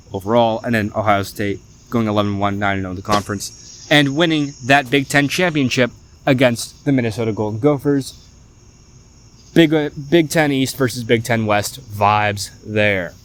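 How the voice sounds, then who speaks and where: A young man, hosting a casual sports podcast, chatty and animated, often saying "y'all". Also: on the low side, normal speed. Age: young adult. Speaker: podcast host.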